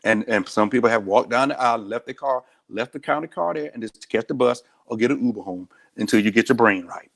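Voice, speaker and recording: A man's voice: medium pitch, brisk, vocal fry, few pauses. A man, a sheriff speaking as an interview guest, telling stories in a direct, earnest way. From United States. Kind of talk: candid interview talk.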